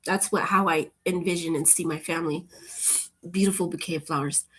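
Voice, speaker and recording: A woman chatting casually with her viewers, rambling from one thought to the next in a relaxed, upbeat way. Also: fairly low pitch, a little fast, breathy edge. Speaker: channel host.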